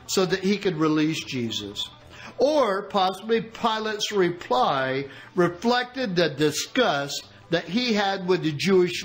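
A man delivers a sermon in a slow, deliberate cadence with dramatic pauses. His voice sits fairly high and moves lively up and down as he reads scripture and explains it to the congregation. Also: low-quality recording. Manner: preaching with dramatic pauses, reading scripture aloud. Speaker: pastor.

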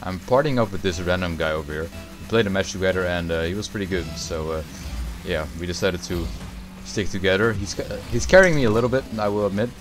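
A young man commentating his own gameplay, excitable and foul-mouthed, shouting at big plays and griping about teammates. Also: low voice, fast talker, over music. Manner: excitable, swears often, yells at big plays. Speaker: gaming YouTuber.

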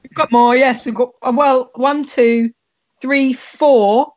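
A woman's voice: high-pitched, fairly even intonation, slow, a little mellow, dull audio. Dry, playful woman host. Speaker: comedy club co-host. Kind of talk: deadpan interviewer reading listener messages.

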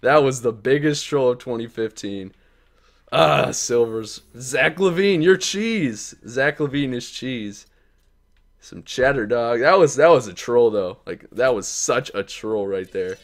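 Young man, live-stream pack opening commentary, hyped, mutters then yells, talks to the cards. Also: mid-range voice, expressive, unhurried. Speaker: streamer opening game card packs.

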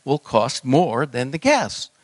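A man's voice: mid-range voice, sing-song, slow pace, no echo. A man voicing a thrifty, sensible nun who keeps the money in a joke. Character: practical thrifty older nun, treasurer.

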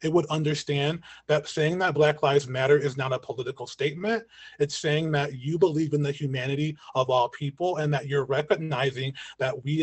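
A man speaks in an earnest lecturing voice that sits a little high, checking in with listeners again and again with a quick "right?". His voice is wearing thin as he goes on. It comes over a video call, dry and close, with no room echo at all. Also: breathy edge. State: losing his voice. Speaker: community educator and guest speaker. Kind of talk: online lecture. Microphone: video call mic.

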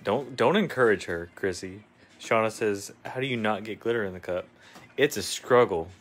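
A man's voice: fairly low pitch, normal speed, faint music behind. A man co-hosting a casual craft livestream, reading viewer comments aloud and joking along.

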